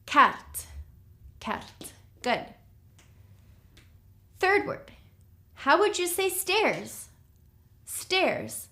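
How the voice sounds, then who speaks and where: Slow, bright-voiced woman teaching. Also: very high voice, big pitch swings. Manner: slow, clear drilling of words with frequent "okay?". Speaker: language teacher. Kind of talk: recorded lecture.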